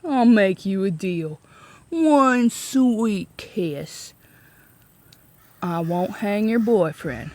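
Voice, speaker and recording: A woman voicing a drunk, leering small-town male sheriff who speaks in a slow, low drawl. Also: animated, mellow, no echo. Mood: mocking.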